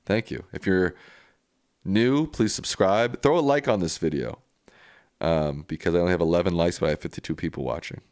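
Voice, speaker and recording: A man with a very low voice hosts a live stream, reading out viewer comments and giving casual, plainspoken answers. The sound is dry and close, with no room echo. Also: a little fast, darkish tone.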